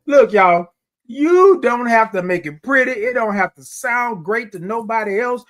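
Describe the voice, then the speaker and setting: A high-pitched man hosts a morning livestream. He talks in an exuberant, chatty way and now and then breaks into sung greetings. He reads viewer comments aloud and encourages the people listening. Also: expressive, measured pace, a bit bright. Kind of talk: casual motivational livestream chat.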